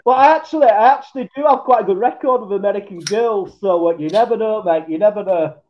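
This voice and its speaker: Yorkshire man with a high voice, loose rambling banter, muffled lo-fi recording. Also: fast talker, slight background noise. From England. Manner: laughs often, rambling with restarts. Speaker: podcast guest. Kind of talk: casual banter.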